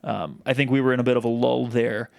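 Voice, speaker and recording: Gravelly-voiced man on a podcast. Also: mid-range voice, steady tone, quick pace, darkish tone, no echo, clean studio sound. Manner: chatty, many restarts and fillers. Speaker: podcast co-host. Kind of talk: casual chat.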